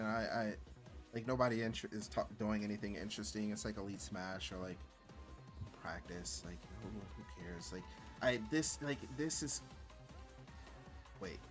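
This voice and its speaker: A man streaming and commenting on gameplay in a rambling, exasperated way, full of filler words. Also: on the low side.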